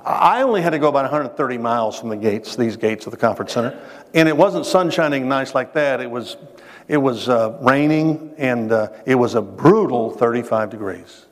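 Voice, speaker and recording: A man's voice: medium pitch, lively intonation. A man preaching to his congregation in a church, mixing scripture with a personal story, asking the listeners questions and repeating words as he builds to his points. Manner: conversational, addresses the congregation directly with questions; restarts phrases, dramatic pauses. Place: church sanctuary. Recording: reverberant hall sound.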